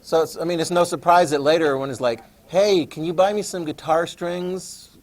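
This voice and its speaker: An American man lecturing a class, telling a personal anecdote in a chatty, animated way and addressing the students directly. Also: on the high side, normal speed. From United States. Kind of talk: classroom storytelling.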